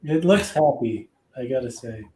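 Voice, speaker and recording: A man hosting a casual livestream chat, talking haltingly with many fillers and laughing at himself. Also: mid-range voice, expressive, dark tone, reverberant, far from the mic, low-quality recording. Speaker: host.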